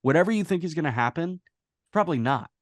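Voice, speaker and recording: A man's voice: on the high side, animated, fast, dry recording. A man co-hosting a casual sports podcast, talking loosely and sarcastically, swearing freely on a close mic. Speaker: podcast co-host.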